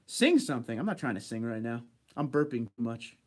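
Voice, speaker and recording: A man casually chatting with his viewers and answering their comments during a livestream, laid-back and quick to laugh. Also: mid-range voice, big pitch swings. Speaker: livestream host reading chat. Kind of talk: casual chat.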